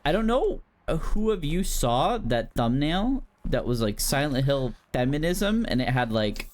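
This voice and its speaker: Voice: mid-range voice, big pitch swings, a little slow, darkish tone. A streamer chatting casually with viewers while playing a horror game, talking directly to the chat and giggling often.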